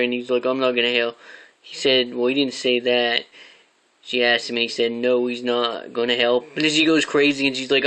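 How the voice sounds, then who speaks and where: A man talks through his weekly comic picks in a loose, rambling way, dropping casual swear words as he goes. His pitch sits in a middling range and barely moves, which gives the delivery a flat, even sound. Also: poor audio. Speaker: comic book reviewer. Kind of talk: casual review vlog.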